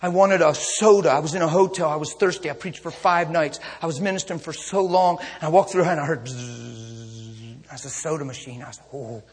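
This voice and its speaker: A man preaching a sermon as a traveling minister, telling stories in an animated way, often laughing and breaking into shouts. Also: a little high, brisk, slightly rough. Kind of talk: sermon storytelling. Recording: long reverb of a large hall.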